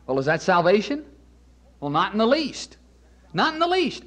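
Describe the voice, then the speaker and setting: Brief: male evangelist, high-pitched voice, emphatic sermon delivery with slow repeated phrases. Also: very animated, a bit bright. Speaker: evangelist preacher.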